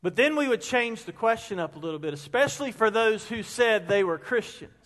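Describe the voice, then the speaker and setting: Animated high-voiced preacher in a reverberant hall. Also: male voice, a little fast. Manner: animated storyteller, drops to a hush for emphasis. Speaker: pastor. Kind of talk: sermon with storytelling.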